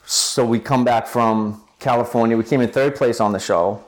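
A young adult man, an interview guest, telling a personal story in an animated way with many filler words. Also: mid-range voice, moderate pace. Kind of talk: conversational storytelling.

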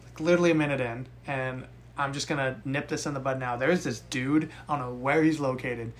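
A young man co-hosting a casual podcast, recapping a wrestling match with profane, animated rants. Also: mid-range voice, fairly quick. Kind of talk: casual chat.

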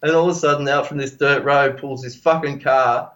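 A man's voice: medium pitch, steady tone, a little fast, fairly bright tone, lo-fi sound. Swearing Australian man telling a story. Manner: rambling, profane storytelling with many fillers and restarts. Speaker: podcast guest. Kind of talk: casual storytelling.

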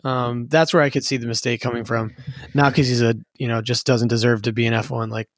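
A man's voice: mid-range voice, little pitch movement, fairly quick, no room sound, clean studio sound. A man co-hosting a podcast in casual chat, teasing his co-host and laughing a lot.

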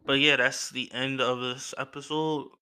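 A young man hosting a podcast, telling a story in a casual, slangy, animated way, laughing between lines. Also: medium pitch, moderate pace, clean tone. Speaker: podcast host.

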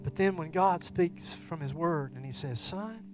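A middle-aged man preaching a sermon as a church pastor, moving between loud, fervent declarations and soft, earnest talk. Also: a little high, normal speed. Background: guitar music.

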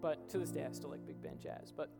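A young man delivers a sermon with earnest conviction, climbing to emphatic peaks. His voice rings out with a long hall echo, while soft instrumental music plays faintly underneath. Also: a little high, expressive, quick pace, vocal fry. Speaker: pastor. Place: church hall.

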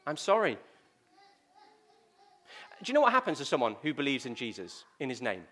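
A man's voice: mid-range voice, very fast. A male preacher, giving a sermon in a conversational storytelling manner. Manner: conversational storytelling, lively and direct.

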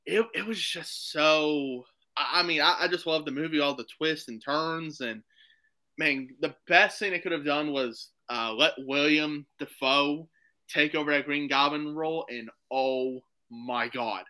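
Man, podcast guest, rambling and excited, slightly high, very bright tone. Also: a little slow, low-quality recording. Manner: excited, rambling, full of "like" and "you know". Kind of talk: casual chat.

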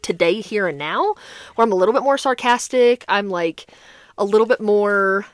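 A young woman co-hosting a podcast, telling a story in casual chat with a dramatic, animated delivery full of "like" fillers. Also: medium pitch, moderate pace, no room sound. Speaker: podcast co-host.

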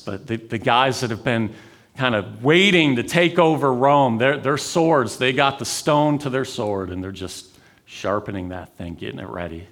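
A man preaching a sermon, telling the story with dramatic swings between raised intensity and near-whispered pauses. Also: mid-range voice, lively intonation. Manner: dramatic, swings from loud to hushed. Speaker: pastor.

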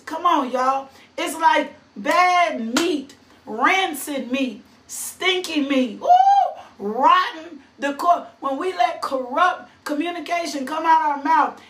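A high-voiced woman preaching with fervor, her words slow and drawn out, bursting into shrill whoops between lines of scripture. She sounds set back from the microphone in an echoing room. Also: recorded from a distance. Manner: fervent, repeats phrases, sudden high whoops and shouts; reads scripture verses aloud. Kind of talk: impassioned sermon. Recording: echoey room, voice off-mic.

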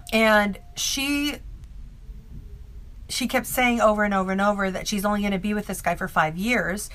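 A woman's voice: mid-range voice, normal speed, fairly bright tone. A woman telling a story about a psychic reading in a casual, rambling way, full of fillers and restarts. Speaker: psychic medium.

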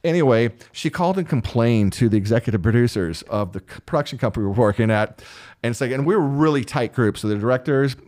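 A line producer appears as a guest in a casual interview, telling stories in a loose, animated, conversational way. He talks fast at an ordinary middle pitch and often slips into the voices of the people he's describing.

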